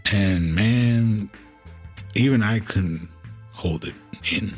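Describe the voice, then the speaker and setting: Deep, slow, husky man telling stories. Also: soft background music. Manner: halting, many restarts and fillers; turns soft and emotional at times. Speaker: podcast host. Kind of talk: casual storytelling.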